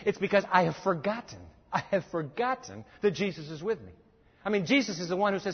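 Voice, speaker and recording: High-voiced man preaching in echoey hall. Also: expressive, a little fast, slightly rough. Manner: emphatic, repeats points for note-taking. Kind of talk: sermon. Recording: echoey dull lo-fi hall recording.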